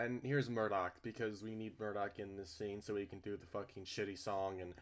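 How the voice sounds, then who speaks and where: A man's voice: lowish voice, little pitch movement, fairly quick, few pauses. A young man playing through a visual novel, reading its lines aloud and ranting profanely about the story. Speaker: game streamer voicing a visual novel. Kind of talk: let's play reading and commentary.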